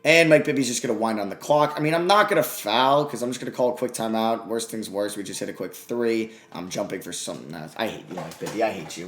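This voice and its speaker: Excitable young man in an echoey room. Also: lowish voice. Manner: excitable, swings from grumbling to yelling. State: out of breath. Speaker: gaming YouTuber. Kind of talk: live commentary over a video game.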